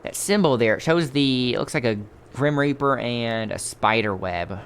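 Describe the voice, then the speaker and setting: Playing a video game, this gaming channel host offers let's play commentary full of wry jokes and thinking aloud. He speaks at normal speed in a mid-range voice, a bit bright and clean in tone.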